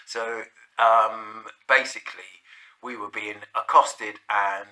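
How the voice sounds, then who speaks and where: Bright-voiced man spinning a yarn. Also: lowish voice, steady tone, slow pace. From South London. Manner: rambling, sweary, full of restarts and "like, you know". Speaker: storyteller. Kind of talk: casual spoken storytelling.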